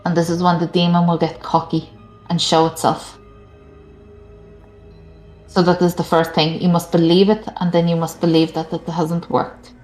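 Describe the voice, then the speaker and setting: A woman's voice: fairly low pitch, monotone, normal speed, pauses often, a little mellow. A woman playing a tabletop game, who hesitantly explains her character's plan step by step. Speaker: player. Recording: echoey room with music behind.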